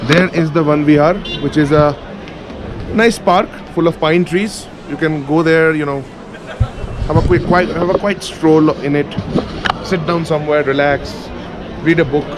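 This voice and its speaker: A man's voice: on the high side, steady tone, measured pace. A man from India chatting casually as a travel vlogger, showing viewers around a hotel room and balcony over a busy street. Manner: chatty, touring the room and pointing things out to viewers. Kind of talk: casual travel vlog chat. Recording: outdoor street noise.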